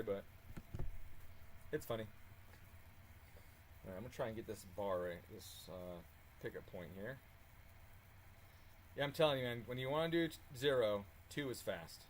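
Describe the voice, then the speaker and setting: A man telling a story in a casual, animated way while working on a car, swearing freely and chuckling as he talks. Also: mid-range voice, a little fast, long pauses, slight background noise. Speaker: car tuning channel host.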